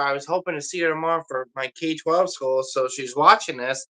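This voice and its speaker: A man's voice: on the high side, brisk, pushed and bright, rough recording. Emotional man rambling on a livestream. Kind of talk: casual livestream chat.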